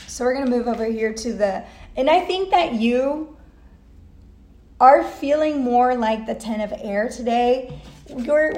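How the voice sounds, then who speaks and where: A woman's voice: fairly high pitch, a little mellow. A woman giving a casual tarot reading at home, emotional and blunt, swearing freely. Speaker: tarot reader. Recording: echoey room.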